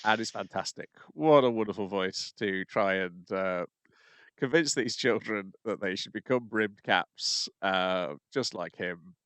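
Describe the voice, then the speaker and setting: A man's voice: on the low side, measured pace, fairly bright tone, smooth, no echo. A man hosting a podcast, talking casually and hesitantly with many ums. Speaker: podcast host. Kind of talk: casual chat.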